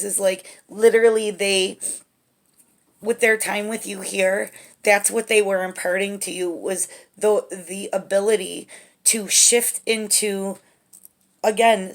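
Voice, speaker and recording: A woman giving a spiritual tarot reading to camera, gentle and reassuring, often checking in with "okay?". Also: mid-range voice, gravelly. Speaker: tarot reader.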